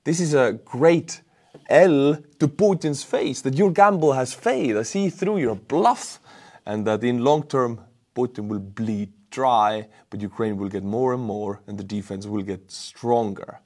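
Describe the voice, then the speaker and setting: A man's voice: medium pitch, measured pace. A man from Estonia with an Estonian accent, delivering emphatic, opinionated war news commentary on his channel. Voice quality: emphatic, animated, with sudden loud outbursts.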